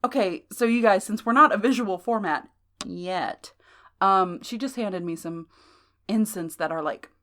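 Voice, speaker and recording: A woman's voice: mid-range voice, measured pace, a bit bright. A woman from Texas with a Texan accent, co-hosting a podcast in casual chat, giggly and exclamatory. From Texas, USA. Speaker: podcast co-host.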